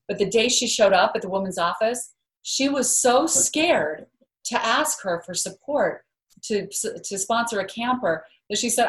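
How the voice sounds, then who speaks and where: Woman, interview guest, earnest, storytelling, mid-pitched voice. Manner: earnest, storytelling, repeats words when starting a thought. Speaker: guest author. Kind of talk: interview conversation.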